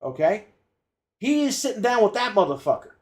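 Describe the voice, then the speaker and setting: A man's voice: sits high, very animated, brisk, a little mellow. A man co-hosting a gaming podcast, ranting in a heated, profane way. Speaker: podcast co-host. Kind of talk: casual gaming podcast rant.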